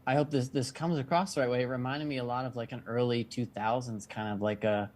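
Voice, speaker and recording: A man's voice: mid-range voice, fairly even intonation, fast, darkish tone. Casual male interviewer, lots of "like". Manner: loose, hedging, many "like" fillers.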